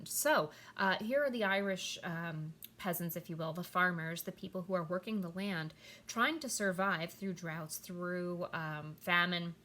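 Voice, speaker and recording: A woman's voice: on the low side, fairly bright tone. A woman teacher talking her students through a recorded lesson, with many "um"s and "okay?" check-ins. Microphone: computer mic at a keyboard.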